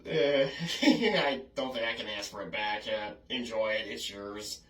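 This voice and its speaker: A film reviewer vlogger with a fairly low, slightly bright voice speaks unhurriedly, rambling casually through his film memories. He is chatty and apologetic, chuckling often and saying "oh, goodness" a lot. The room is echoey and the mic sits at a distance.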